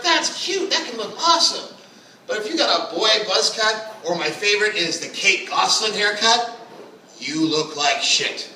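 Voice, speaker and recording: A brash, crude stand-up comic works a small club from some way off the mic, his bright, high voice ringing around the room. He talks fast and loose and breaks now and then into shouted put-on voices. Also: a little hiss or hum. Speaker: stand-up comedian. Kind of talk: open mic stand-up set. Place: small comedy club stage. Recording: echoey room, mic at a distance.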